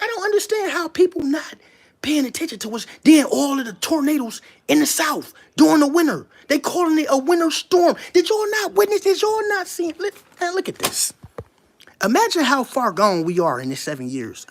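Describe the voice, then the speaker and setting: This is a commentator holding forth to an online audience in a casual, unscripted monologue. The pitch swings widely, rising sharply on repeated challenges to the listener and sinking low when reading passages aloud at a slow, deliberate pace. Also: big pitch swings. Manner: emphatic, keeps firing rhetorical questions at listeners; reads passages aloud slowly, then comments.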